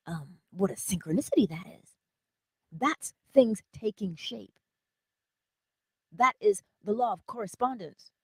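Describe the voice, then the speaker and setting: A woman giving an animated motivational talk, often laughing and talking straight to her viewers. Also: fairly low pitch, no echo, clean studio sound. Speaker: inspirational speaker.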